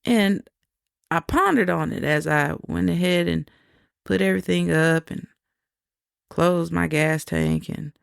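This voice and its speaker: Slow, gravelly-voiced woman telling a testimony. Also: fairly low pitch, no room sound, clean studio sound. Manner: slow, reflective storytelling with soft laughs. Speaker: podcast host. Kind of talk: personal faith testimony.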